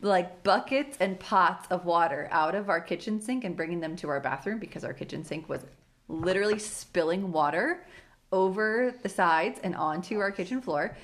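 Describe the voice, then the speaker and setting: A woman's voice: on the low side, normal speed, fairly bright tone. A young woman co-hosting a casual podcast from home, a chatty storyteller who laughs often. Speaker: podcast co-host.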